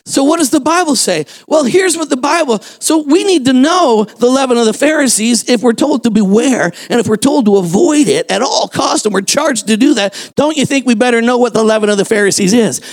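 High-voiced man preaching a fiery sermon. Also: animated, fairly quick, hardly any pauses, no echo. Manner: fervent preaching with shouted emphasis and rhetorical questions. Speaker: pastor. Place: church, before a congregation.

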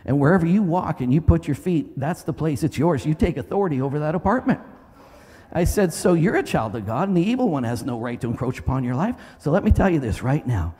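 A middle-aged man preaching in a church sanctuary, his voice slightly husky and rising and falling with a lot of life. He tells his story with animated energy and breaks into loud commanding shouts. A long reverb hangs after his words in the big hall. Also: a little high, quick pace. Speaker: pastor. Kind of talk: sermon.

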